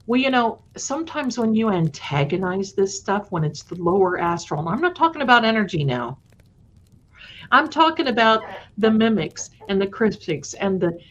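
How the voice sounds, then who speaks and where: A woman's voice: on the low side, slight background noise. A woman hosting a live stream, chatting affectionately with viewers and telling spooky stories in a casual way. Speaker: live-stream storyteller host. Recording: dull lo-fi stream audio.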